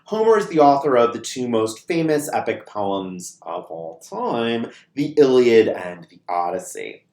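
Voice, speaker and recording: Animated, casual male lecturer in an echoey room. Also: medium pitch, unhurried, hardly any pauses. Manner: casual and lively, frequent "right?" check-ins, mild swearing. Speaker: university classics lecturer. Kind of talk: recorded video lecture. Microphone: camera mic.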